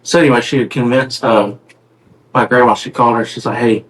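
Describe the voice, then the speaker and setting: A man's voice: mid-range voice, fairly even intonation, a little fast, fairly bright tone, poor audio. A man co-hosting a podcast, telling a family story in casual chat, rambling with restarts and fillers. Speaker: podcast co-host.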